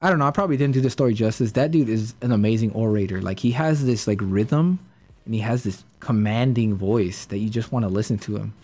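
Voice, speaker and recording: Man, podcast host, mellow warm tone, rambling storytelling, many fillers. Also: lowish voice, fairly quick. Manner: rambling, filler-heavy retelling with repeated restarts. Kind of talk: casual motivational storytelling.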